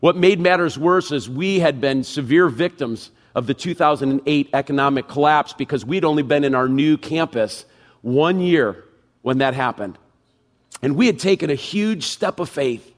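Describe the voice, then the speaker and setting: A middle-aged man preaching a sermon as pastor, emphatic, acting out inner thoughts and dropping low and quiet for the Spirit's words.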